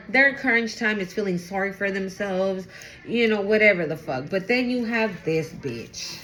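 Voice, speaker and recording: A woman reads tarot for her viewers in a loose, chatty way. She is blunt and swears freely. She talks aloud to spirit as she goes, at a middling pitch with a faint hiss behind her. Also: a bit bright. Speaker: tarot reader. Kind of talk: casual tarot reading to camera.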